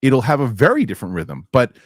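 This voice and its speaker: A man in a loose podcast conversation who jumps into voices when he retells stories. His voice sits at a middle pitch and the sound is close and dry, with no room around it. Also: quick pace, breathy edge, no room sound. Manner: animated storyteller acting out quotes. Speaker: podcast host. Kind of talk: casual chat.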